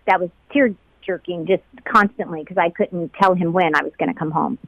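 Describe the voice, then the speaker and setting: A woman who was a flight attendant, being interviewed about a painful day. She talks in a halting, emotional way and often repeats herself. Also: lowish voice, creaky, dry recording. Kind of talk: emotional personal recollection. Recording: dull lo-fi sound.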